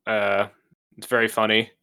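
Man with a bright, forceful voice. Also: on the low side, completely flat delivery, normal speed, clean tone. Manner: short interjections, playful. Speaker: podcast co-host. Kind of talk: casual chat.

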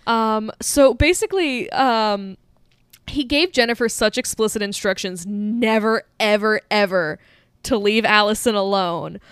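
A woman's voice: mid-range voice, unhurried, fairly bright tone, clean tone, dry recording, studio quality. A woman co-hosting a podcast, recapping a film in casual, profane chat and acting out the characters' lines in a sardonic tone. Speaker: podcast co-host.

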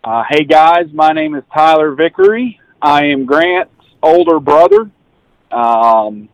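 An easygoing man in his thirties talks on speakerphone from his car and pauses on fillers often. His voice sits a little higher than usual. The sound is dry, with no room echo. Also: animated, muffled recording. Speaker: guest, father of two. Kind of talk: casual phone interview.

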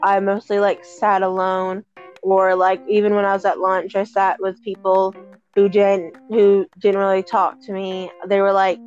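Young woman from the South, podcast co-host, halting casual chat, mid voice, slightly dull audio. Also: medium pitch, monotone, a little mellow, faint music behind. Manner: giggly, halting with many fillers.

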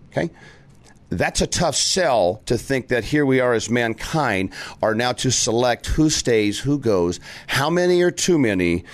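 A male podcast host talking politics in a mid-pitched voice, firing rhetorical questions one after another. He talks emphatically and breaks in with sudden exclamations. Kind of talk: opinionated political talk.

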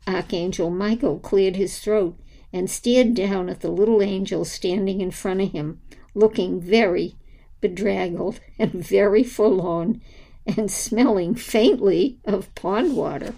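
A woman reads a children's story aloud with a gentle, unhurried delivery. Her voice is mellow and soft at the edges, pitched in an ordinary middle range. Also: vocal fry, poor audio. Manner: slow, gentle storybook reading. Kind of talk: scripted narration of a children's story.

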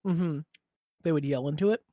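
A man's voice: on the high side, warm tone, dry recording. Joking man on a dry podcast mic. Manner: joking, quick to laugh. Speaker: podcast co-host. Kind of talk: casual chat.

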